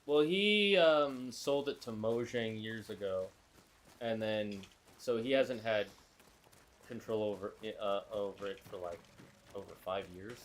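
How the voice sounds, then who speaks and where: A man's voice: lowish voice, a little slow. A man chatting casually on a game stream, dry and a bit hesitant, with many fillers. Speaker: stream co-host. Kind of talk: casual chat while gaming.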